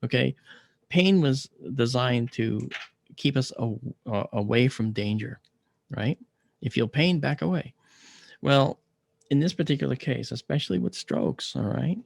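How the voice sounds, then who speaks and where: A man of science recounts a personal experience in an animated storytelling manner, acting out the people he quotes. His voice has a gravelly, husky grain. The recording is dry and close, with no room sound. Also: medium pitch, a little slow, no echo. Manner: acts out dialogue in lively quoted voices.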